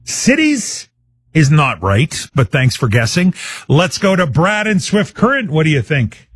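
A man's voice: on the high side, big pitch swings, unhurried, a bit bright, slightly rough, no room sound. A man hosting a live call-in radio quiz show, chatty and upbeat, taking listener guesses. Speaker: radio talk show host.

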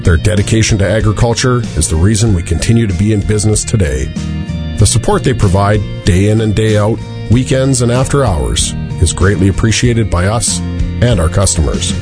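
Low-voiced man, sincere radio thanks. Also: expressive, a little fast, over music. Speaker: business owner. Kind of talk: scripted radio thank-you ad.

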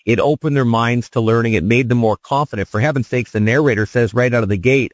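A man, an author appearing as a radio guest, explaining his approach with animated enthusiasm. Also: mid-range voice, fast talker, dry recording. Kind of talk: radio interview. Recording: dull lo-fi broadcast sound.

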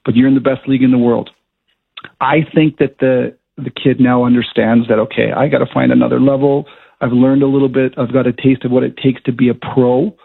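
A man's voice: medium pitch, vocal fry, slightly rough. A middle-aged man, a former hockey player turned color analyst, chatting and telling stories in a radio interview. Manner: chatty, storytelling, laughs often. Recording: tinny phone line.

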